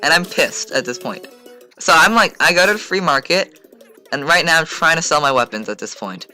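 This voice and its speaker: A man's voice: a little high, lively intonation, brisk, pushed and bright, soft background music. A man casually commentating over his gameplay video, rambling and full of fillers. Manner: rambling, filler-heavy, chatty. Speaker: gaming channel host.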